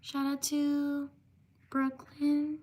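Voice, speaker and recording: A woman with a high voice hosts a livestream, reading out viewers' names one by one. She talks slowly and in an even, level tone. She writes each name by hand as she goes and apologizes when she may get one wrong. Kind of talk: livestream shout-outs.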